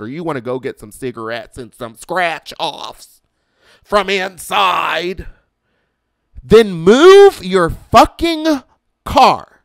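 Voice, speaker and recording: Man, comedic podcast host, profane rants, smooth resonant voice, dry close sound. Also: mid-range voice, no echo. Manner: animated profane ranting with sudden shouting outbursts. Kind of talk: casual comedic monologue.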